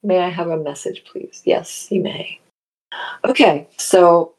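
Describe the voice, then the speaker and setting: A woman's voice: lowish voice, slow pace, darkish tone, breathy edge. A middle-aged woman hosting a casual live chat, reading viewer comments aloud and laughing often.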